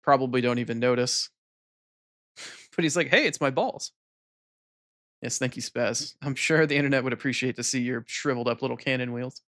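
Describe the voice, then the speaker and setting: Chatty male streamer, soft cooing asides. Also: medium pitch, fairly even intonation, fairly quick. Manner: chatty, coos softly while petting his cat. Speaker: video game streamer. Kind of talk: casual live-stream chat. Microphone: desk microphone.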